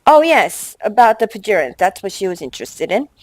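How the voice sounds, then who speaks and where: A woman's voice: medium pitch, sing-song, dry recording, low-quality recording. Chatty young woman gaming host, dry close sound. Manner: chatty and exasperated, reads game text with quick asides. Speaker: let's play host. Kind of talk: casual gameplay commentary and reading game text aloud.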